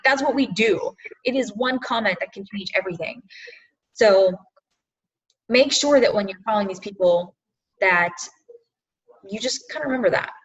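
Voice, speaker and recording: A woman's voice: medium pitch, a bit bright, recorded from a distance. An earnest woman talks to her team on a video call, repeating her points for emphasis. Her voice sits in a middle register. The audio is dull and lo-fi. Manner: earnest, filler-heavy, repeats herself for emphasis. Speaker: coach leading a team call. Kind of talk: casual motivational talk on a video call.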